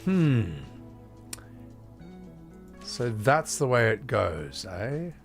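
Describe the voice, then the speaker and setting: A man streaming a game, chatting and joking with his viewers in an excitable, swearing manner. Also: medium pitch, extremely slow, creaky, soft background music. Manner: excitable, swearing, jokey banter with chat. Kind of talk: casual gameplay commentary.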